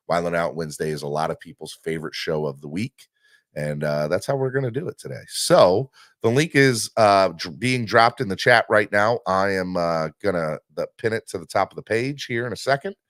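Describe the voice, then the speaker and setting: A man hosting a live sports fan podcast, talking in an animated, rambling way with many fillers. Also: sits low, dry recording, clean studio sound. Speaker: podcast host.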